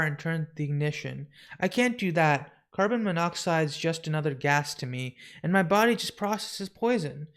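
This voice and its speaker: Guy reading a sad lonely shapeshifter lady, halting and stammery, live comic reading. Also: on the high side, a bit bright. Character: sad lonely shapeshifting woman wanting death. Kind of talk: comic book read aloud live.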